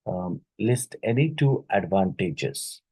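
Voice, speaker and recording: Teacher, male, Indian English accent; slow lecture delivery with repeated terms and fillers, dry recording. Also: low-pitched, animated, darkish tone, husky, no room sound, rough recording. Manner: slow, repeats key words, many fillers. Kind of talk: exam question-and-answer lecture.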